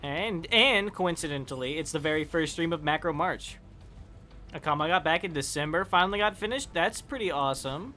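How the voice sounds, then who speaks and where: A man's voice: fairly high pitch, lively intonation, brisk, pushed and bright, soft background music. A man chatting casually with viewers while playing a game on a live stream, rambling and swearing when he fails.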